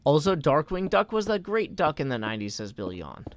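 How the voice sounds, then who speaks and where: A man in his thirties chatting casually on a live game stream, scattered and quick to mock-indignant outbursts. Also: a little high, very animated, slight background noise.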